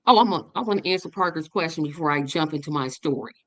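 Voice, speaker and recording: A woman hosting a memorial livestream, telling stories with animated, rising quotes. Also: quick pace, no room sound. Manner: animated storytelling, voice jumps high when quoting. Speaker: podcast host. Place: online stream.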